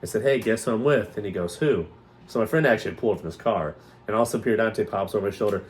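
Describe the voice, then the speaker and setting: A man's voice: fairly low pitch, racing. A man co-hosting a podcast, telling stories in a rambling casual chat and mimicking other people's voices as he goes. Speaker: podcast co-host.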